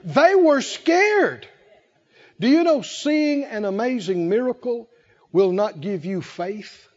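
A male preacher giving a sermon to a congregation, animated and playful, often laughing and acting out scenes. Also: high-pitched, a little slow, dull audio. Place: church service with congregation.

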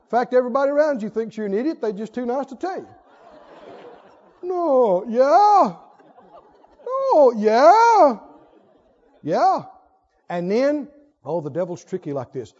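A male preacher with an unusually high voice, animated and laughing often as he fires rhetorical questions at the congregation. The recording is dull and lo-fi. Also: normal speed. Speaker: pastor. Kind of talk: sermon.

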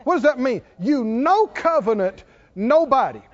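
A man preaching a sermon, calling out questions to the congregation and swinging from near-shouts to hushed tones. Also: unhurried, noisy background. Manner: animated, rising to near-shouts then dropping low. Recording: dull lo-fi sound.

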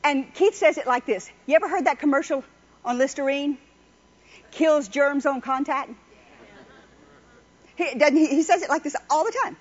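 A woman's voice: high voice, quick pace. A woman preaching a sermon, telling chatty personal stories and urging listeners on. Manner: chatty, exhorting, laughs often. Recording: dull lo-fi recording.

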